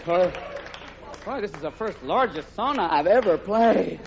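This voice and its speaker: Male stand-up comic, manic, rapid-fire, high-ish voice; muffled live-stage recording, noisy laughing crowd. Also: expressive, vocal fry. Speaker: stand-up comedian. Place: theater stage before a live audience. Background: audience laughter and noise.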